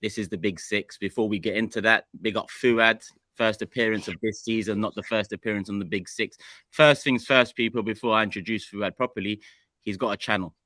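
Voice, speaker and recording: Bright, dry-voiced host. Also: male voice, lowish voice, level tone, fairly quick, no room sound. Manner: upbeat, teasing, announcing. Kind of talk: casual panel show chat.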